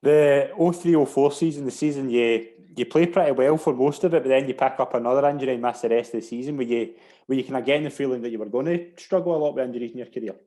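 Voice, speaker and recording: A man's voice: mid-range voice, quick pace, warm tone. A Scottish man hosting an interview podcast, asking a former player about his career. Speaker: podcast host. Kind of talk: interview questions.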